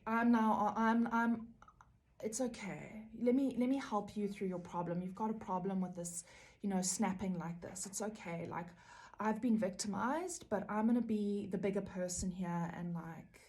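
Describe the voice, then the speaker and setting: Woman doing a manipulative narcissist partner, condescending, fake-soothing, plays the victim, quick aside in a talk video. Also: a little high, animated, natural voice. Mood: falsely soothing. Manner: mocking, then falsely soothing and condescending.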